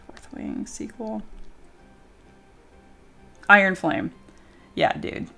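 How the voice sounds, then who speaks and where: A woman's voice: mid-range voice, extremely slow, creaky, faint music behind. Giggly, chatty woman streaming live. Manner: chatty and animated, lots of filler words and giggling. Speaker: streamer and miniature sculptor. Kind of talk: casual livestream chat, reading viewer comments.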